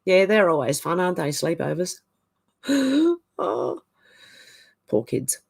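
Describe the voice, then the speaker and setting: A woman's voice: fairly low pitch, sing-song, takes it slowly, vocal fry, slightly rough. An Australian woman hosting a live stream from home, chatting casually and greeting viewers by name as she reads their comments. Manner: chatty, greets viewers by name with a bright lilting "how you going". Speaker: livestream host. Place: home room, indoors.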